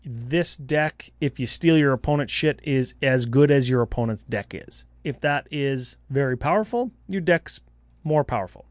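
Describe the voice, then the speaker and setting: A man co-hosting a casual podcast, talking card-game strategy in an animated way with quick jokes. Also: mid-range voice, no echo. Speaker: podcast co-host.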